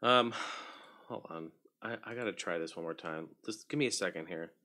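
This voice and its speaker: Male livestream host with a bright, forward tone, easygoing chat with viewers, mutters through tech fixes. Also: deep voice, normal speed. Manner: chatty, greets viewers by name, mutters while fixing tech.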